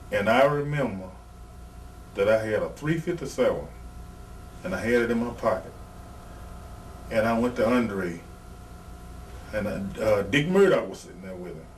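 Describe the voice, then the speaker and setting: Very animated yet a little slow, with long pauses, a man with a mid-range voice recalls his pro wrestling days as an interview guest. The stories are blunt, rambling and profane, told casually, and the recording comes from a distant mic with faint background noise.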